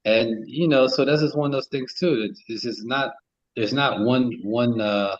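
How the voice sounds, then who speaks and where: Halting man with slightly muffled audio. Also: medium pitch. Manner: halting, repeats words while building a point. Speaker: panelist on a men's talk show. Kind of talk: casual discussion.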